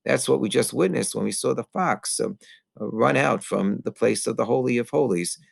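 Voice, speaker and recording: Gravelly-voiced rabbi giving an earnest sermon. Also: male voice, medium pitch, moderate pace, no echo. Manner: earnest teaching with frequent fillers and Hebrew terms. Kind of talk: Tisha B'Av sermon.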